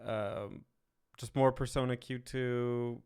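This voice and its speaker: Smooth-voiced easygoing podcast man. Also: medium pitch, fairly even intonation, slow, darkish tone. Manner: easygoing, joking. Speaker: podcast co-host. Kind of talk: casual chat.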